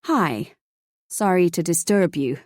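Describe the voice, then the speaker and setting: An uneasy Canadian woman in an audiobook, hesitant and apologetic, with a low, mellow voice, as a female narrator reads her part. She talks in a dry, close sound. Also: expressive, takes it slowly, no echo. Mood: gushing. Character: nervous Canadian woman confessing an affair. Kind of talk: audiobook character voice.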